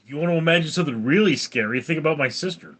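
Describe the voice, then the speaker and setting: Talking very fast in a fairly high, slightly bright voice, a Californian host in his forties reads viewer comments on his casual livestream. His answers to them are dry.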